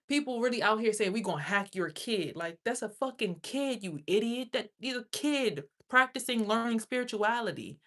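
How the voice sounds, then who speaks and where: Furious profane woman ranting on stream. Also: mid-range voice. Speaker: livestreamer. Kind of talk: angry livestream rant.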